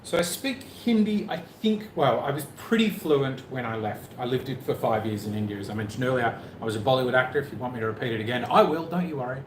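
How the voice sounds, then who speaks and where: A man's voice: mid-range voice, fast, hardly any pauses. A man chatting casually on a live stream. He jokes a lot, pokes fun at himself and rambles off on side thoughts. The room is echoey, with a faint hum of ambience behind him. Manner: joking, self-mocking, rambling asides. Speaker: co-host of a travel livestream.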